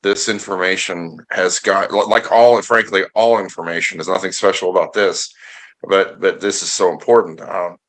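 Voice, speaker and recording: A man speaking as a guest on a live online Q&A, halting with many restarts and fillers. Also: sits low, fairly even intonation, a bit bright, low-quality recording. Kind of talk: casual livestream interview.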